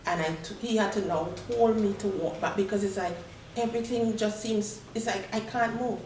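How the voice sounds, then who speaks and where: A woman's voice: mid-range voice, normal speed. Woman, roomy distant mic. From Tobago. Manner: animated, acts out the voices of others in her story. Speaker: guest. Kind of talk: personal storytelling on a talk show. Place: studio. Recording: roomy sound from a distant mic, faint noise.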